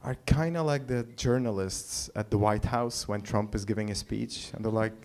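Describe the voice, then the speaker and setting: Halting, dry stand-up comedian, a man. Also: on the low side, a little mellow. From Middle East. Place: small live comedy venue.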